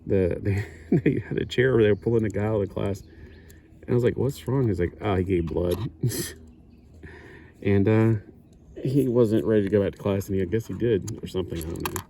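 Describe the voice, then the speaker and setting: A man's voice: on the low side, brisk, vocal fry, long pauses, dark tone, a little hiss or hum. A middle-aged man chatting casually while he builds a kit, rambling and correcting himself. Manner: rambling, self-correcting, chuckling asides. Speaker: hobby builder. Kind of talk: casual build-along chat.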